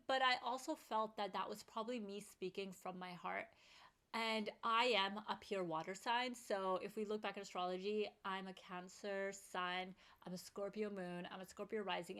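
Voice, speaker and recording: A woman speaks to camera in a personal vlog, telling her story with earnest, heartfelt openness. Her voice sits at a mid pitch, and her talk is casual and full of "like". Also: fairly bright tone. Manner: earnest, open-hearted and chatty, with lots of "like". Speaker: vlogger.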